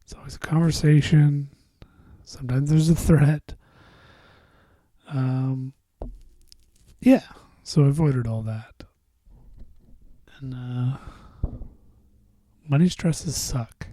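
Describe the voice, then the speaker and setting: Dark-voiced man rambling on a podcast. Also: mid-range voice, slow, pauses often, no echo. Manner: rambling and profane, drifting into mumbles. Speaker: podcast host. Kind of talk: casual solo podcast monologue.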